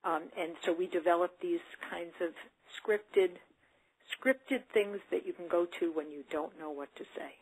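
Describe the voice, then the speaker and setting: A woman's voice: fairly low pitch, measured pace, husky, rough recording. A middle-aged woman, an autism support specialist, answering questions in a webinar and acting out sample dialogues with students. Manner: earnest, explanatory, acts out student and coach dialogue.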